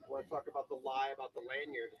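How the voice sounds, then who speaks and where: A man's voice: mid-range voice, level tone, fast, slightly rough, low-quality recording. A man livestreaming, chatting to viewers in a rambling, upbeat way and asking for tips.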